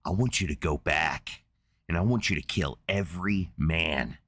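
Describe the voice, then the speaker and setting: A man voicing a furious, bossy male prophet giving orders in a menacing low drawl. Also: normal speed, fairly bright tone, dry recording.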